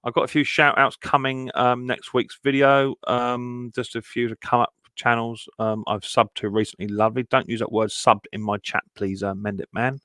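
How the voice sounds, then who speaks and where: A man runs a live stream, chatting casually and greeting viewers by name with lots of ums and easy asides. His voice sits at an ordinary middle pitch. The sound is dry and close, with no room echo. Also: level tone, moderate pace, hardly any pauses, a bit bright.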